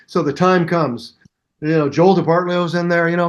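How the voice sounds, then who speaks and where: An older man in his seventies, a musician telling a long anecdote in an interview and acting out both sides of the conversation in lively voices. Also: a little high, normal speed. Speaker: guest musician. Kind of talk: animated storytelling interview.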